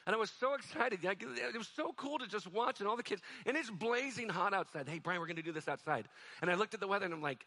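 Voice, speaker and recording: Male pastor, bright, slightly high voice, jokey storytelling sermon. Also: fast. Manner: conversational, jokey, acts out quoted voices.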